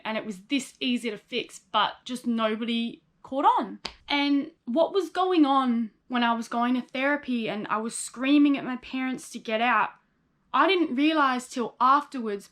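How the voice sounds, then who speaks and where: Young woman vlogging about her own life, kinda high voice, open and emotional, acts out what people said. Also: a bit bright. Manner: candid and emotional, quoting herself and others. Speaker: psychologist in training. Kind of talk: personal vlog monologue.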